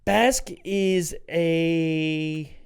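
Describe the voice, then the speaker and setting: A young man, a comedian guest, chatting casually and joking, breaking into quick bits. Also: a little high, vocal fry, smooth. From United States. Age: young adult.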